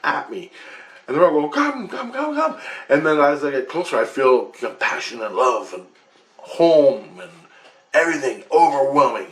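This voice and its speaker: An expressive man with a medium-pitched, slightly bright voice and moderate pace recounts his past-life recall for a vlog. His first-person story is casual and emphatic, with swearing and restarts. Recorded on a computer webcam, the audio echoes in the room.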